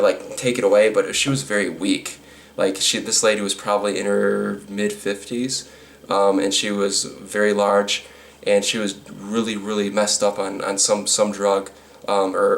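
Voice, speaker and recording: Rambling, sarcastic man with a lowish voice. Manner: rambling with many fillers and restarts. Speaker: vlogger. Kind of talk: storytime vlog.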